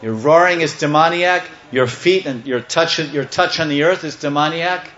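A man's voice: a little high, moderate pace, a bit bright, lightly acted. A man doing a scolding divine hero. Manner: scolding, indignant. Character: divine cowherd boy, male, scolding, commanding. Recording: echoey, slightly muffled room.

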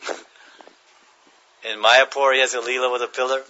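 A man's voice: medium pitch, little pitch movement, slow, bright, forceful tone, lo-fi sound, slight background noise. A man giving a devotional class, chanting verses, translating them and chuckling as he tells stories. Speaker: spiritual teacher.

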